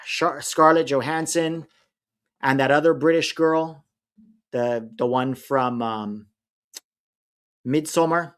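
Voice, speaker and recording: A man's voice: a little high, slow pace, pauses often, a bit bright, clear, resonant tone. A man hosting a livestream watch-along, chatting casually and reading viewer comments. He rambles, gives easy opinions and often loses track of names mid-sentence. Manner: opinionated and easygoing.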